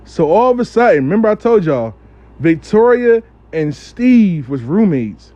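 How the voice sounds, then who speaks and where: Brief: male storyteller, fairly high voice, slangy and profane, dry dull recording. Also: unhurried, no echo. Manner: slangy, profane, animated retelling. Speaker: storyteller, spiritual practitioner. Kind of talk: casual storytelling.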